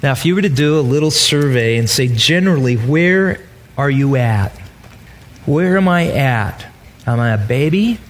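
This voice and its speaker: A man's voice: medium pitch, animated, moderate pace. A man preaching a sermon in a conversational way, often asking rhetorical questions. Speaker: pastor.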